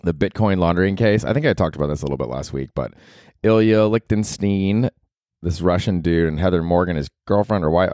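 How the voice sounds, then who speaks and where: A male comedian hosting his podcast, rambling casually and profanely, his pitch leaping up for emphasis. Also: a little mellow, no room sound, clean studio sound.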